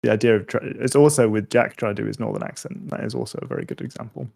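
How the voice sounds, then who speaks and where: A man's voice: mid-range voice, racing, creaky, darkish tone. A man running a tabletop game as game master, laughing often and cheering the players on. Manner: laughs often, upbeat and encouraging. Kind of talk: casual tabletop game chat.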